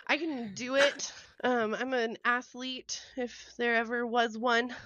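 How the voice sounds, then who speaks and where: A young woman telling a dating story in casual chat, self-mocking and animated. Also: on the high side, takes it slowly, dry recording, lo-fi sound. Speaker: podcast co-host.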